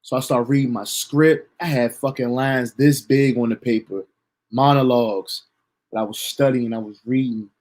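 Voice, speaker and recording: Casting: young man, casual storyteller, profane and lively, mid-range voice. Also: mid-range voice, moderate pace. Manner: animated, profane, laughs at own story. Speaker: storyteller streamer.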